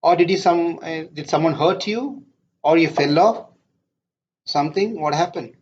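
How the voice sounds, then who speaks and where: A man voicing a calm old male sage who softly coaxes his crying son with questions. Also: a little high, moderate pace, husky. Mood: gentle. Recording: dull lo-fi lecture recording.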